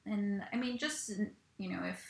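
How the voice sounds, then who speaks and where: A young woman co-hosting a casual chat, talking in an animated, chatty way and laughing often. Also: mid-range voice, moderate pace, gravelly. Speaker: podcast co-host. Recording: echoey room.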